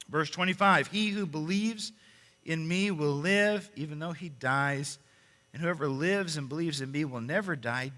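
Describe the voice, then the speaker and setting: A man preaching a sermon as pulpit minister, swinging between loud proclamation and quiet intensity. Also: high voice. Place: church sanctuary. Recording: long church reverb.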